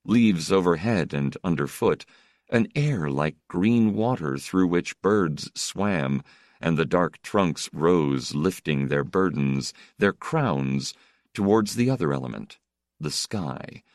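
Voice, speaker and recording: Male storyteller, deep tone, varied melody, measured delivery. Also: expressive, darkish tone, no room sound, studio quality. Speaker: narrator. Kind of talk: scripted narration.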